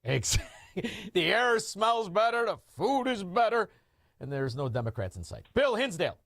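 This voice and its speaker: Man, radio host, high and lively delivery, brash and mocking, dry studio sound. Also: moderate pace, vocal fry, dry recording. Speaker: radio talk show host. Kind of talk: call-in talk radio.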